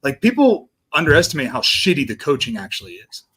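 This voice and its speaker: A man in his thirties talks football as a show guest, rapid-fire and emphatic, with plenty of swearing. His voice sits fairly high for a man. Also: big pitch swings, a bit bright, slightly rough. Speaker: guest, former NFL defensive lineman. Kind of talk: casual sports chat.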